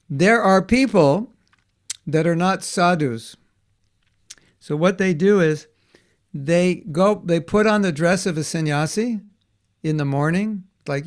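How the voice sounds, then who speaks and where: Brief: man telling children stories, a little high, gravelly, acts out quotes. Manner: animated, acts out voices in quotes. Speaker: teacher. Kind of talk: storytelling class for children.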